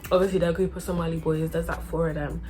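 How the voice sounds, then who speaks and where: A young woman telling a casual, animated storytime full of slang and acted-out voices. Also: deep voice, rapid-fire, slight background noise. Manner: animated, slangy, acts out everyone's lines.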